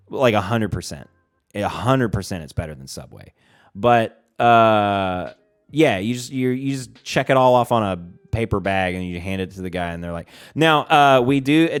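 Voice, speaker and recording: A man's voice: fairly low pitch, clear, resonant tone. A man streaming casually, rambling and swearing, with a lot of "like" and restarts. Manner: rambling and profane, heavy use of "like". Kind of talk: casual livestream chat.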